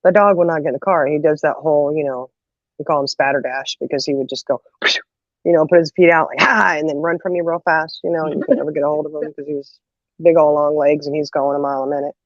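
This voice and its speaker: Here a host with a low-pitched voice talks at a quick pace while recounting a comical family tale in relaxed conversation. Lively and often laughing, she performs the quoted lines. There's no room sound, and the audio is dull and lo-fi.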